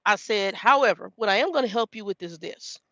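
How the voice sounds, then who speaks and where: A woman's voice: mid-range voice, animated, brisk, sharp tone, dry recording. Woman, 50s, trucker vlogger, storyteller who quotes herself, dry slightly dull recording. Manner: chatty storytelling, quoting herself. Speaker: truck driver trainer. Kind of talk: casual chat to viewers.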